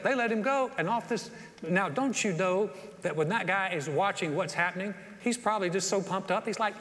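A man's voice: sits high, lively intonation, fairly quick, a bit bright, big-room sound. A man preaching a sermon, telling stories in a folksy way with playful acted asides. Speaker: pastor.

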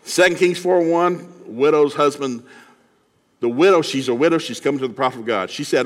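A man from East Tennessee with a Southern accent, preaching a sermon in a folksy, animated storytelling way, acting out Bible characters with shouted lines. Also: mid-range voice, brisk. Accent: Southern American. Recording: long hall reverb.

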